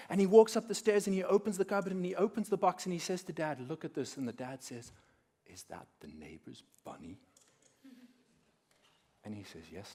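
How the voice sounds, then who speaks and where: A young adult man speaking to a room of listeners, his voice sitting a little higher than most men's. He tells a comic story with lively energy, dropping to a hush and then jumping up loud to play the people in it. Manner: animated, acting out quoted characters with big swings in loudness. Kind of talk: lively storytelling talk to an audience. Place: conference room.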